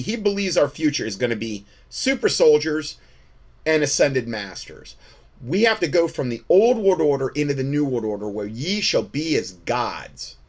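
A man hosting a show, giving casual, preaching-toned Christian commentary, often repeating words and restarting sentences. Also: mid-range voice. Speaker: host.

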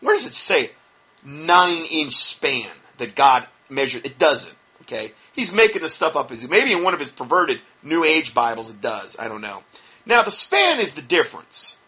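A man giving critical religious commentary in a sarcastic, indignant, scoffing manner, with a husky voice. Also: a little high, big pitch swings, moderate pace, bright, forceful tone.

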